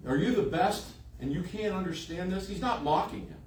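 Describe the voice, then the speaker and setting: Emphatic preacher in an echoey room. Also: male voice, a little high, lively intonation, a little fast, recorded from a distance, a little hiss or hum. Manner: emphatic, repeats phrases for emphasis. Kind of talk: sermon.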